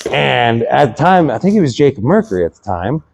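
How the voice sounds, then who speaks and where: A man's voice: mid-range voice, brisk, creaky, breathy edge, poor audio. A man who wrestles, telling backstage stories in casual chat, swearing freely and acting out what people said. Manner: animated, profane, acts out quotes loudly.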